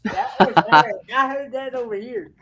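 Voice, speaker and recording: A woman's voice: fairly high pitch, moderate pace, over a noisy crowd. A woman in a casual video chat, giggly and teasing.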